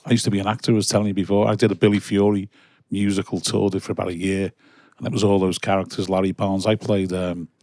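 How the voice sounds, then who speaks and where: A man hosts a podcast in a studio, keen and chatty as he trades stories with his guest. His voice sits a little low, and the room sound is dry and close. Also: little pitch movement, fast talker, a little mellow, dry recording. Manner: enthusiastic, chatty, frequent restarts. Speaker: podcast host. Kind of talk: casual interview.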